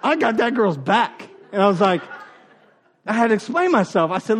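A man preaching a sermon as pastor, animated and joking, acting out quoted voices and laughing with the congregation. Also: high-pitched, moderate pace.

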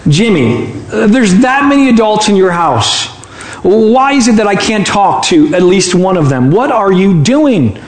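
A man's voice: sits high, sing-song, a little slow, echoey room. A man voicing a puzzled adult telemarketer who asks more and more insistent questions.

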